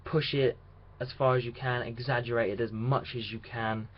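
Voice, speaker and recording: A man's voice: mid-range voice, steady tone, moderate pace. Young man rambling through a lo-fi vlog. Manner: chatty, rambling, with restarts. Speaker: radio drama student. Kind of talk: casual video diary. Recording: dull lo-fi sound with faint hiss.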